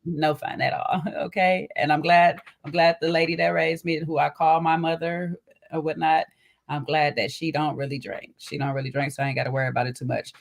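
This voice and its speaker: Woman, low voice, animated storyteller, laughs often, podcast co-host chat. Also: fairly quick, creaky. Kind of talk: casual chat.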